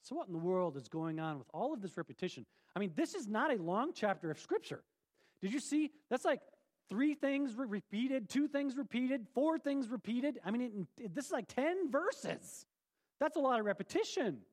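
A pastor preaching a sermon in a conversational, playful way, asking the congregation questions. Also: male voice, very high-pitched, very animated, moderate pace.

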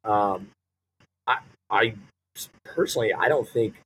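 A man co-hosting a podcast in casual chat, telling animated stories and swearing a lot. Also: fairly low pitch, measured pace, a little hiss or hum, low-quality recording. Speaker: podcast co-host.

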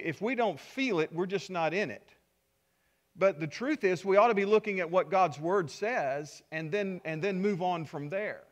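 A middle-aged man with a notably high voice delivers a sermon. He speaks earnestly, mixing personal stories with rising, emphatic appeals to his listeners. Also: a bit bright. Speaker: pastor.

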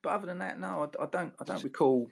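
A man, a former police officer, chatting casually and haltingly with many restarts. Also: high-pitched, creaky. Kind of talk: casual chat.

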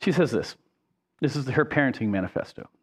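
With a mid-range, expressive voice, a middle-aged pastor gives a casual, talkative sermon. He uses plenty of ums and corrects himself quickly as he goes.

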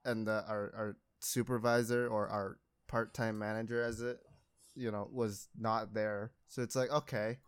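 A man's voice: on the low side, level tone, measured pace, smooth. A young man casually telling a long story about a mishap at his auto shop job, rambling, laughing and mocking himself.

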